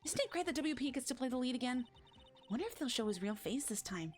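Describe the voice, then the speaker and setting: A chirpy, bubbly young girl sidekick, as a woman puts her on for a game read-through, pitched well above a normal speaking voice. She is eager and a little pestering, bright and bouncy, with soft music underneath. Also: very animated, fast talker. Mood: excited.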